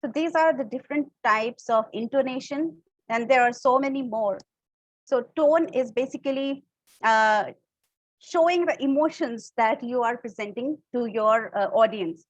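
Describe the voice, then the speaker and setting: A woman's voice: on the high side, dry recording, lo-fi sound. A woman with an Indian English accent, teaching a public speaking class online, explaining step by step and checking in with her listeners. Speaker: public speaking workshop instructor.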